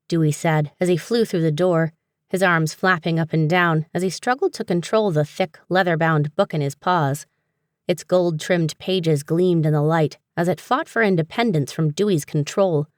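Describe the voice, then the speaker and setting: A woman reading a humorous fantasy audiobook in a steady, even storytelling manner. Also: deep voice, normal speed, no room sound, clean studio sound. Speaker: audiobook narrator. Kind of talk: scripted narration.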